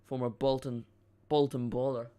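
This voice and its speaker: A man's voice: medium pitch, level tone, moderate pace, mellow, clear, resonant tone. Chatty man streaming a football watchalong. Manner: rambling, chatty, reacts to chat and match. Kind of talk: casual live-stream chat.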